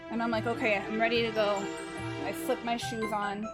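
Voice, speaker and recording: A woman in her early twenties streams to her chat, rambling through a story and swearing freely. Her voice sits a little high with little pitch movement at a normal speed, and loud music plays underneath her talk.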